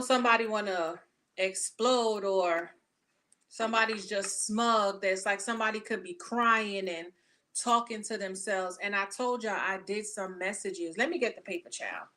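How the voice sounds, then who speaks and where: A woman giving a casual tarot reading, talking bluntly and profanely with animated storytelling. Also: mid-range voice, normal speed. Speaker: tarot reader.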